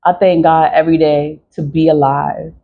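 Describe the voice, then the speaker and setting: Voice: mid-range voice, little pitch movement, normal speed, creaky, phone-quality sound. A vlogger, talking in a rambling, repetitive, casual monologue full of "like", swearing and little laughs. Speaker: vlogger selling spiritual cleansing products. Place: home in the South Bronx, street sirens outside. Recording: faint street noise with sirens. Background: faint city street noise and sirens.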